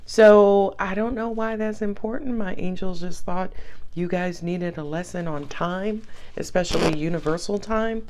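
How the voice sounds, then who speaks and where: Give me a sassy woman doing a relaxed tarot reading, slow and low. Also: a little hiss or hum. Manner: chatty, laughs often, sassy asides. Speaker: tarot reader.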